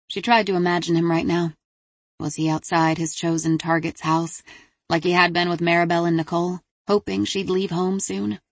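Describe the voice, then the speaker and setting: A woman narrating a crime thriller audiobook in an even, measured reading. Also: lowish voice, creaky, no room sound.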